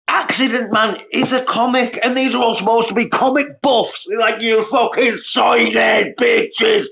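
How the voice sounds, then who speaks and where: A slow-talking man on a livestream, pouring out a stream of swearing and scorn in a fairly high voice. The sound is dull and lo-fi. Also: fairly bright tone. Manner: profane, scornful ranting. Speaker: livestream host. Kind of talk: casual livestream rant.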